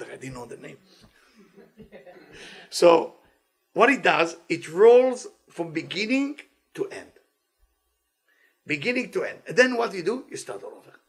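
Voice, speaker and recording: Husky, gravelly-voiced man preaching. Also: high voice. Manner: animated, acts out voices with laughs and exclamations. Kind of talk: sermon.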